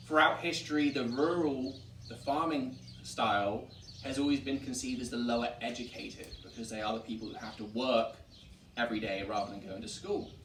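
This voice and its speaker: A man's voice: medium pitch, moderate pace, slight background noise. English man explaining in a roomy hall. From Wiltshire, England. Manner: explains and demonstrates accents with lively put-on examples. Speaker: historic site director. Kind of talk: casual teaching chat. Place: historic tavern room. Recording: roomy distant mic, faint ambience.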